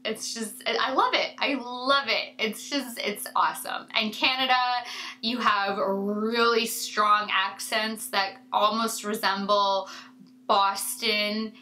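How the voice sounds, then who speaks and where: A woman's voice: medium pitch, steady tone, slow, bright, forceful tone, rough recording. A woman beauty vlogger chatting casually to her viewers in a rambling way, with many fillers and asides. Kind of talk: casual chat to camera.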